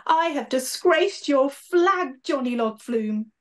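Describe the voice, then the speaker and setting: A woman's voice: high voice, lively intonation, takes it slowly, pitched above the performer's own voice. A woman voicing a boastful, melodramatic young woman guardian of a castle, reading aloud from a storybook. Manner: overacted dying gasps.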